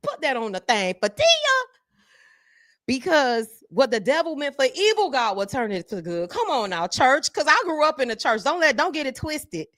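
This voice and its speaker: A woman, hosting a live stream and talking straight to her viewers. She swings between fervent, preacher-like calls and low, confiding asides. The sound is dry and close to the mic. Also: normal speed, no room sound. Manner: animated, preacher-like call and response. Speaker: podcast host.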